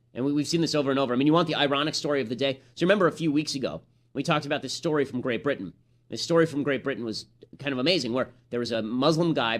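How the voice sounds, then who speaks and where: Fast, combative man delivering political commentary. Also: mid-range voice, fairly bright tone. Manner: rapid, combative and sarcastic, with frequent restarts.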